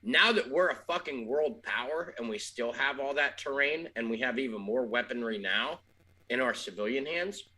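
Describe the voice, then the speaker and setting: A man on a casual podcast, joking in an animated, profane way. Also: mid-range voice, normal speed. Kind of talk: casual chat.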